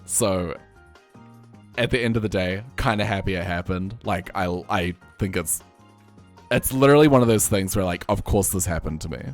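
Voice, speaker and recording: A young man from New Zealand with a New Zealand accent, a streamer telling stories in casual chat, laughing often and jumping up in pitch when excited. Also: moderate pace. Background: faint music.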